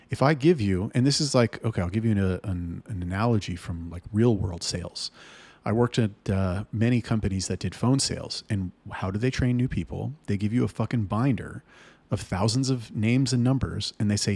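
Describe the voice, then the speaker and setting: A man's voice: lowish voice, brisk, darkish tone, dry recording. A man talking to camera about managing his sales staff, blunt and heated, swearing often. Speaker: business owner talking to camera. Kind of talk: casual rant to camera.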